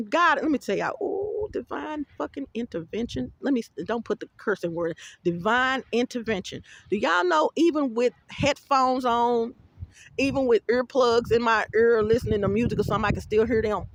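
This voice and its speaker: A woman's voice: fairly high pitch, moderate pace, a little hiss or hum. A woman giving a rambling casual vlog monologue. She tells her stories bluntly and profanely, with plenty of animation. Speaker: vlogger.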